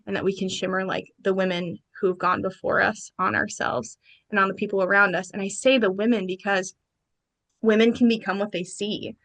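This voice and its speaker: A woman, a podcast guest, telling a personal story in an animated way and quoting her friends in lively bursts. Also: mid-range voice.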